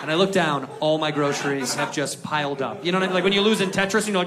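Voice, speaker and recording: A man's voice: on the high side, racing, hardly any pauses. A man doing a stand-up comedy set, telling a story and slipping into mimicked voices. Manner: storytelling, mimics accents, animated. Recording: live club with crowd laughter and noise. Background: audience laughing.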